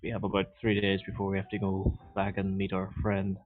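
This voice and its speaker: A man's voice: low-pitched, completely flat delivery, fairly quick. A man playing a tabletop game, blunt and teasing in casual chat. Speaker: player. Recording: phone-like voice chat.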